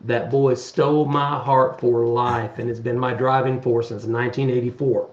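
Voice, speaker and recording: A man's voice: mid-range voice, level tone, normal speed, echoey room, muffled recording. A man in his fifties talking earnestly on a podcast, rambling with many restarts as he explains his charity work. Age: 50s. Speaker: podcast guest, charity event organizer. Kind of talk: casual chat.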